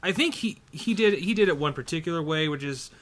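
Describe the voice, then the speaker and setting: A man's voice: on the high side, animated, a little fast, a bit bright. A man co-hosting a podcast, chatting casually and jokingly about running tabletop role-playing games. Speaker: podcast co-host.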